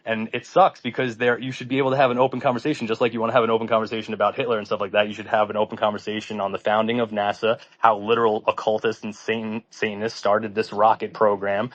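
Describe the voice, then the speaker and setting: Brief: a low-voiced male co-host, flat and matter-of-fact, dull dry mic sound. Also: quick pace, hardly any pauses, no echo. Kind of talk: casual podcast chat.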